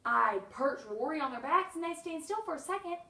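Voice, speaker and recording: A woman reading her own humorous memoir with wry, deadpan comic timing and sudden bursts. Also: high voice, fairly quick, reverberant, distant mic, poor audio.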